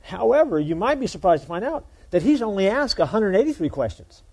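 A man's voice: sits high, big pitch swings, fairly quick, darkish tone, breathy edge. A male pastor giving a sermon in a conversational, folksy way, joking with the congregation.

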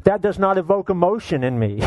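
A man preaching a sermon as pastor, animated and joking, firing off rhetorical questions at his congregation. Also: high voice, a little fast, no room sound, poor audio.

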